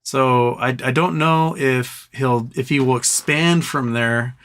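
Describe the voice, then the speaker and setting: A man hosting a live stream, rambling in a relaxed way and reading out viewer comments. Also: medium pitch, takes it slowly. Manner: rambling, laid-back, reads chat comments aloud. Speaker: livestream host. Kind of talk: casual livestream chat.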